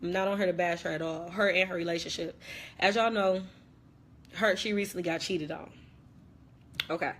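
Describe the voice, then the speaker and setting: A woman's voice: on the low side, fairly even intonation, moderate pace, long pauses, fairly bright tone. A young woman playing a dramatic ex-best friend who rambles through a slangy, repetitive rant on a phone livestream. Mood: subdued, hurt. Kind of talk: comedic social media live rant.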